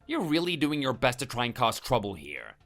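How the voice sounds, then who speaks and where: A man's voice: mid-range voice, huge pitch swings, fairly quick, fairly bright tone, faint music behind. A man's text-to-speech voice playing a defensive, threatening husband who brushes off his wife. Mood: angry, dismissive. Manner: dismissive, defensive and menacing. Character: hot-tempered threatening husband, adult man.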